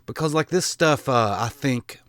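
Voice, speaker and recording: A vlogger from the American South speaks with a Southern accent in a mid-range, slightly bright voice at a moderate pace, and the recording is dry. Chatting casually to camera, he rambles, makes fun of himself, keeps restarting, and drops mild swear words.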